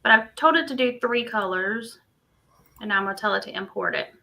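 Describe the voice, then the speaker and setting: A woman's voice: medium pitch, fairly quick, creaky, pushed and bright, poor audio. A woman, co-hosting a casual crochet livestream and thinking aloud as she works on screen. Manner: chatty, thinks aloud while working on screen.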